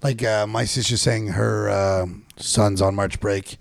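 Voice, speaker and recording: A man with a low, gravelly voice talks haltingly on a casual podcast, picking his way through each thought. The sound is dry, right on the mic. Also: little pitch movement, dry recording. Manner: hesitant, halting with restarts. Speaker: podcast co-host. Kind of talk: casual chat.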